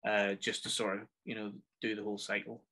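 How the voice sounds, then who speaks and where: A man's voice: fairly low pitch, level tone, brisk, bright, forceful tone. A man with a Northern Irish accent hosting a casual film review podcast, chatty and enthusiastic as he rambles through his thoughts. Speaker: podcast host.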